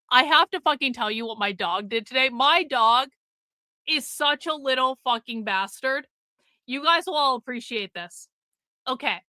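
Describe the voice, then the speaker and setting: High, bright-voiced woman telling a profane story. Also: no room sound. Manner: animated, jumps between loud and quiet. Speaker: live-stream host. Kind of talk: casual chat to a live audience.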